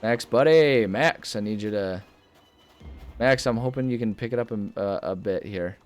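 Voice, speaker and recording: A man's voice: fairly low pitch, moderate pace, faint music behind. Rambling jokey man narrating a game. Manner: rambling, jokey, self-mocking asides. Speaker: gaming video host. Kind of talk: casual let's-play commentary.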